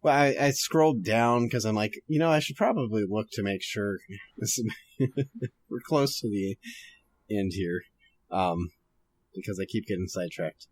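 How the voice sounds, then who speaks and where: A man's voice: lowish voice, normal speed. A young man hosting a podcast, chatting casually and reading a story aloud, laughing often and swearing freely.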